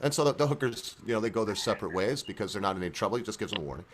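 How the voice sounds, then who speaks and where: A man hosting a casual online chat, telling crude jokes and laughing loudly. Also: fairly low pitch, very fast, heavy background noise. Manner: loud laughing, lively storytelling. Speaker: host.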